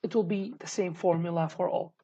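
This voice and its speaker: A woman with a Sulaymaniyah Kurdish accent, a native Kurdish speaker, teaching an online language lesson in English with many restarts and slow repeated examples. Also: on the low side, mellow, slightly rough, lo-fi sound.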